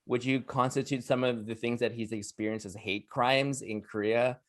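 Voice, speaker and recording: A young adult man co-hosting a casual podcast chat, measured and hedging as he weighs his words. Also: mid-range voice, fairly even intonation, a bit bright. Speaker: podcast co-host.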